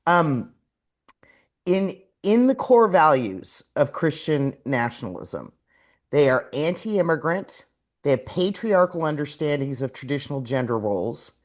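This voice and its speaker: A woman's voice: low voice, big pitch swings, a little slow. A woman speaking as the guest expert on a webinar panel, explaining in an earnest way. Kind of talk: webinar talk.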